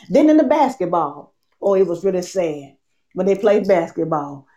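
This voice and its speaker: A woman preaching a sermon, repeating phrases, asking the congregation questions and slowing down for emphasis. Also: mid-range voice, dark tone.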